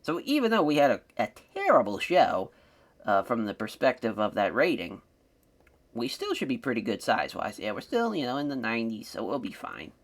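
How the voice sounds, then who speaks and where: A man hosting a wrestling-sim let's-play channel, giving casual, rambling commentary on his game. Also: a little fast. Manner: rambling and conversational, with lively swings in pitch.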